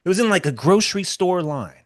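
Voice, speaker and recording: A man hosting a podcast, telling an animated story with swearing and stammered restarts. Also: high voice, fast, no room sound, clean studio sound. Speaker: podcast host. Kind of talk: casual podcast chat.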